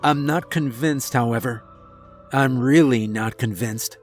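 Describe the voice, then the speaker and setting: A man's voice: mid-range voice, a little slow, faint music behind. A man narrating a first-person horror story in a tense, scripted delivery.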